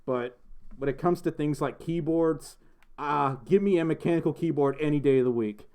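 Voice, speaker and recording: A man's voice: a little high, moderate pace, warm tone, smooth. A young man hosting a casual livestream, reading viewer messages aloud in a rambling, giggly way full of ums and restarts. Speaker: livestream host.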